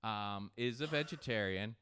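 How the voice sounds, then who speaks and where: A man hosting a podcast in casual chat. He is an animated storyteller who swears freely and acts out what people said. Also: lowish voice, measured pace, slight background noise. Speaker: podcast host.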